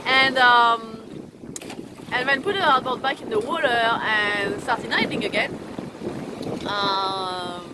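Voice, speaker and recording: A woman's voice: on the high side, slow, long pauses. Rambling woman storyteller on a windy boat deck. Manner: rambling, swears freely, laughs between phrases. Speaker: sailing vlogger. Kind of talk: casual storytelling to camera. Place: outdoors on a sailing boat, steering. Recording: wind noise on an open deck.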